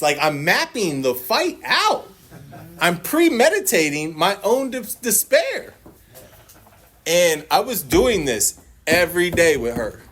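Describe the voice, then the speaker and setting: In a high voice, taking it slowly, a man in his forties shares his recovery story at a meeting. He tells it with plenty of profanity, frequent laughter, and acted-out quotes from other people.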